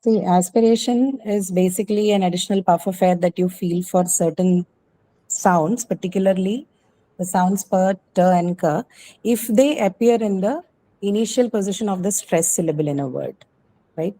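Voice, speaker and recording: A woman's voice: medium pitch, moderate pace, warm tone, a little hiss or hum, rough recording. A woman teacher explaining a grammar point patiently in an online class, often checking in with the students. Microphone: video call.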